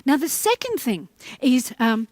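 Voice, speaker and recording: A middle-aged woman giving a motivational talk to camera, animated and acting out little voices as she goes. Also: high-pitched, measured pace, no room sound. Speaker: motivational speaker.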